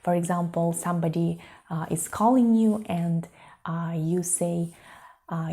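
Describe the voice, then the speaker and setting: A woman whose first language is Russian gives an online language lesson. She speaks at an unhurried pace and spells out each example phrase with care. Her voice is soft and mellow. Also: lowish voice. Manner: slow, deliberate explanations with careful example phrases.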